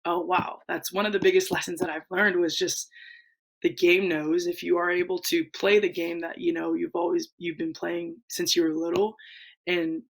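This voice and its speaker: A young woman in her twenties, a former softball player talking as a guest in a casual interview, loose and full of fillers. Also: lowish voice, moderate pace, creaky, rough recording. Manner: relaxed, many fillers, laughs easily.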